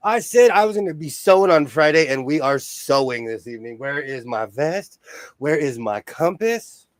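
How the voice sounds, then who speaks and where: A man's voice: a little high, expressive, normal speed, no echo. A man hosting a casual sewing livestream, playful and exclamatory, laughing often as he tries on and shows off clothes.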